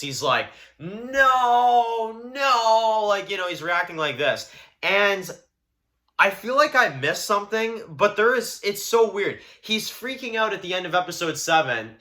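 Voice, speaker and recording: Young guy reviewing episodes, bright voice, lots of ums and rants. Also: medium pitch. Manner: rambling, filler-heavy, exasperated gripes. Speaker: show reviewer. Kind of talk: casual solo review.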